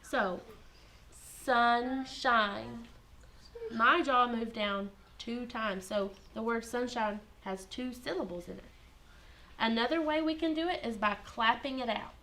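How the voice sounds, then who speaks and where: A woman's voice: a little high, normal speed, sharp tone. A woman teaching kindergarten in a classroom, patient and encouraging, asking the children lots of prompting questions.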